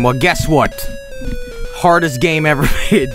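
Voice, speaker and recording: A man streaming a video game, commenting in an exasperated, profane way with frequent yelled protests. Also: a little high, brisk. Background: game music.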